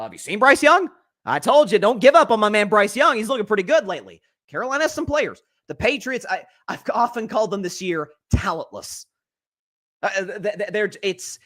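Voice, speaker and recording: A young adult man hosting a sports podcast, ranting with energetic, opinionated casual commentary. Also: high-pitched. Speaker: podcast host.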